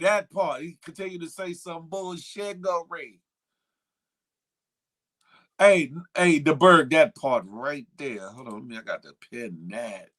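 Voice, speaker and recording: Male morning-show host, animated and emphatic, voice sits a bit high. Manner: animated, emphatic, shouts out viewers by name. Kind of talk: casual livestream commentary.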